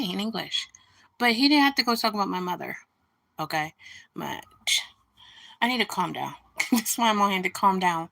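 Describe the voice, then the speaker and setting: A woman's voice: medium pitch, expressive, a little fast, creaky, pushed and bright. A woman hosting a casual livestream, venting indignantly about a rude comment and greeting viewers as she goes. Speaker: livestream host.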